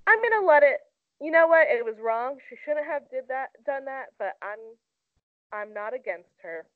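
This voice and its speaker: A woman's voice: high-pitched, animated, moderate pace, no echo. A young woman co-hosting a casual celebrity gossip chat, talking loosely with lots of "like". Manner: chatty, heavy use of "like". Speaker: co-host. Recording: tinny phone-like sound.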